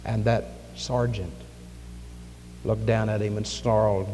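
Slow, dark-voiced man preaching a sermon. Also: lowish voice, flat delivery. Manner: emphatic, with dramatic pauses and swings in volume. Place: church. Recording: echoey hall with faint music.

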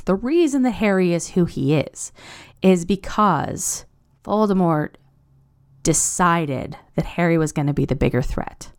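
A young woman hosts her podcast alone, talking in a loose, rambling way and gushing over what she loves. Her voice sits a little low for a woman and sounds clean and smooth. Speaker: podcast host. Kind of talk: casual podcast monologue.

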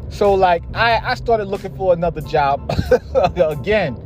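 High-voiced young man ranting bluntly. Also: animated, measured pace, soft background music. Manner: heavy swearing, blunt and exasperated. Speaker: podcast host. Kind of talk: casual storytelling monologue.

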